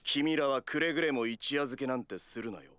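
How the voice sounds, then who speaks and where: An actor playing a proud teenage student council president in an anime, lecturing in a self-assured way. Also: male voice, medium pitch, racing, fairly bright tone, a little hiss or hum, lightly acted. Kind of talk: anime dub acting.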